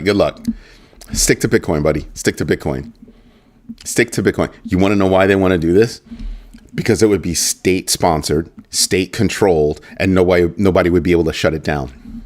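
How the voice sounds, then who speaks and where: A man with a fairly low voice runs a relaxed livestream and chats loosely through the news. He teases his viewers playfully and drops a wry "just saying" again and again. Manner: joking banter with chat, repeats "just saying". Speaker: host of a crypto news livestream. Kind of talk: casual livestream commentary.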